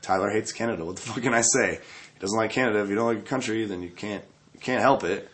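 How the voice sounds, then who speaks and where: A man with a fairly low voice tells a story in a casual, rambling way. He swears freely and keeps a loose, offhand tone. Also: quick pace, fairly bright tone. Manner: profane, laid-back, rambling. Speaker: band member telling a tour story.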